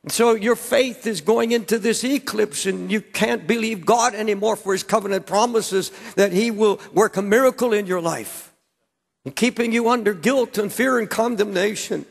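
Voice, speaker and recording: A man's voice: high-pitched, moderate pace, creaky. Older male pastor, impassioned sermon, repeats words, reverberant church hall. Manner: impassioned, repeats words when pressing a point. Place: large church sanctuary.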